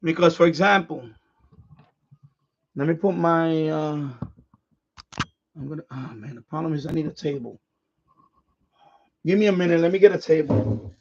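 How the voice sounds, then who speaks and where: His voice a little high, a ham radio streamer speaks at normal speed with long pauses while showing viewers his gear. The demonstration is casual, and he rambles and restarts his thoughts. It comes through as dull, lo-fi stream audio.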